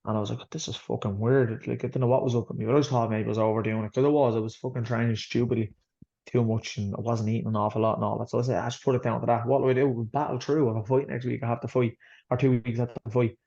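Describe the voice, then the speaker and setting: A quick, rambling Irish man with a gravelly, dark voice tells his story bluntly, swearing as he goes. The recording sounds slightly dull and lo-fi. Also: mid-range voice, level tone. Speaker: boxer, guest. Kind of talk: candid interview storytelling.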